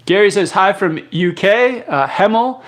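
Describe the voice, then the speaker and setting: A man's voice: sits high, measured pace. Casual young man chatting on a live stream. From Canada. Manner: relaxed, rambling, many fillers and restarts. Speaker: live chat host. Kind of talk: casual live stream chat reading viewer comments.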